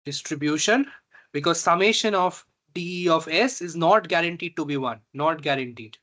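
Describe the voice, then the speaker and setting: A man teaching a reinforcement learning tutorial, slow and halting, often pausing to check that students follow. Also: on the high side, bright, forceful tone. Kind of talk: online math tutorial.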